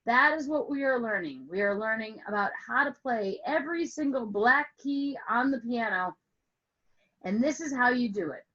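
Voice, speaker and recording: A woman's voice: fairly high pitch, expressive, normal speed, fairly bright tone, highs cut off. A woman music teacher telling a playful story to explain a lesson, asking questions and stretching words for emphasis over an online call. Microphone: online call with screen share.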